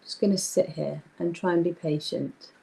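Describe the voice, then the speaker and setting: Woman, live craft stream host, casual chatty talk, greets viewers, fairly low voice. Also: fairly even intonation, moderate pace, vocal fry, dark tone. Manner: chatty, greets viewers by name, thinks aloud.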